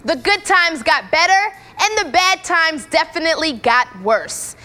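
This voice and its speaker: A woman's voice: very high voice, lively intonation, a little slow. A woman hosting a reunion show, upbeat and prodding the guests with questions. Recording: loud studio crowd and noise.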